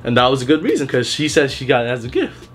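A man's voice: medium pitch, sing-song, fast talker, a little hiss or hum. Blunt, foul-mouthed young man ranting. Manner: blunt, heavily profane, rambling with restarts. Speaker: retail worker telling stories. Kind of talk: casual storytime vlog.

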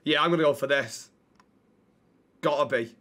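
A man's voice: a little high, moderate pace, a bit bright. A young man streaming a role-play game, chatting casually and swearing freely. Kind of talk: casual role-play and chat shout-outs.

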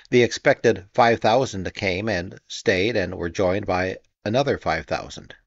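A man narrating a history audiobook in a measured, wry manner, on a dull, slightly muffled recording. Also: lowish voice, dry recording. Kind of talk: scripted narration.

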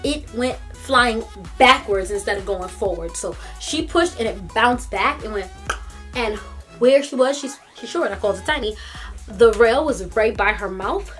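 Bright, high-voiced young woman vlogger. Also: measured pace, soft background music. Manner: animated, slangy, chatty. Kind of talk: casual storytelling. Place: room in her parents' home.

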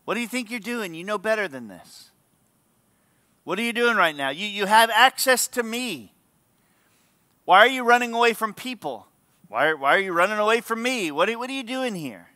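A pastor voicing God as a firm figure asking a runaway prophet probing questions. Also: male voice, high voice, expressive, moderate pace, bright, forceful tone, no room sound, clean studio sound, pitched above the performer's own voice. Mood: questioning.

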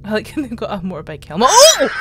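A young Scottish woman streaming her reactions to scary videos, swearing, screaming and laughing at the scares. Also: mid-range voice. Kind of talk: casual reaction commentary.

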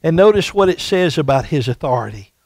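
Male pastor preaching in church. High voice, slow and emphatic delivery, dry close sound. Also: sing-song, no echo. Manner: emphatic, repeats rhetorical questions. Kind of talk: sermon. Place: church sanctuary.

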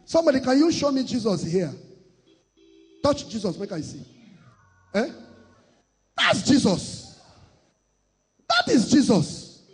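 A man preaching a sermon, shouting and half-singing in bursts, mocking others in put-on voices. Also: extremely high pitch, wildly swooping pitch, slow, long pauses, breathy edge, big-room sound.

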